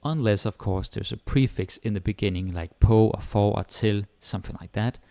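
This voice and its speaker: Low gravelly Danish-accented male teacher. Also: moderate pace, dry recording. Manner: relaxed, explains step by step, switches between English and Danish. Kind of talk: casual language lesson.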